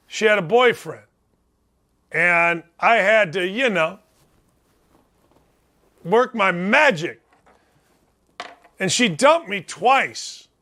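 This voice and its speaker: A man hosting a sports talk show, ranting in a loud, blustery, rambling way and turning combative. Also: sits high. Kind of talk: opinionated sports radio rant.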